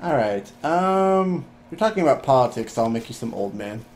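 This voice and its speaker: A young man co-hosting a casual podcast, talking quickly and joking, also reading aloud. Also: mid-range voice, very animated, a little mellow, slight background noise. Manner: quick, joking, laughs often. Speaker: podcast co-host.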